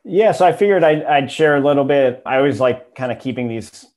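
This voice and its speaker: A man guesting on a business podcast as an investor, talking in a relaxed way with many fillers. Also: mid-range voice, a little fast. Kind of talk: casual interview.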